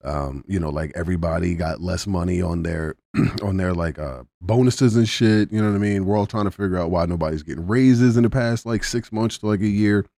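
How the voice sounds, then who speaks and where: Deep-voiced laid-back young man. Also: brisk, mellow, no room sound, clean studio sound. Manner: laid-back, supportive, slangy. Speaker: podcast co-host. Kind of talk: casual chat.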